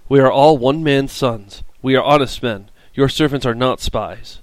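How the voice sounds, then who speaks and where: A man reading the earnest, pleading words of anxious brothers, in a slow, dry reading. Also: mid-range voice, dry recording, close to an everyday voice. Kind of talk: scripted scripture reading.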